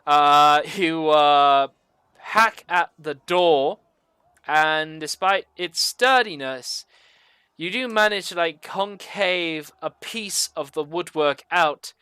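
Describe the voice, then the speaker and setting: GM, bright and crisp, dry close sound, rambling scene narration. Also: mid-range voice, slow, no room sound. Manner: loose, filler-heavy description. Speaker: game master. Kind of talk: narrating a tabletop game.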